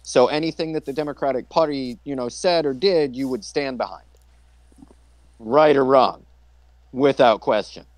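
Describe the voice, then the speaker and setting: A man hosting a casual political podcast, talking in an animated, profane way and laughing often. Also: medium pitch, normal speed, no room sound. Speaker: podcast host.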